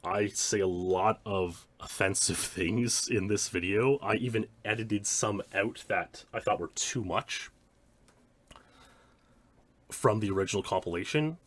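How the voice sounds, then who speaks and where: A man's voice: on the low side, a little slow, a bit bright. A man, a speedrunner, giving rambling, reflective commentary on his own old streams. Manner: rambling, many restarts and "like" fillers.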